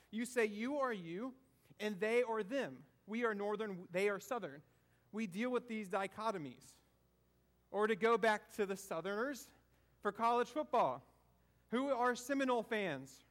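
High-voiced man preaching casually. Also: a bit bright. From American South. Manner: asks the audience questions, repeats key phrases. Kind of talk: conversational sermon.

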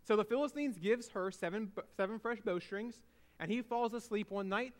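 A man preaching, retelling a Bible story in a casual, animated way with frequent restarts. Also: sits high, moderate pace. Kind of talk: sermon storytelling.

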